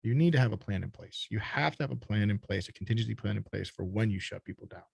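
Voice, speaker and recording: A man's voice: fairly low pitch, fast, creaky, darkish tone, breathy edge, dry recording. A man from Texas, a company founder, talking bluntly and freely in a casual podcast conversation, swearing often. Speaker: guest, startup founder.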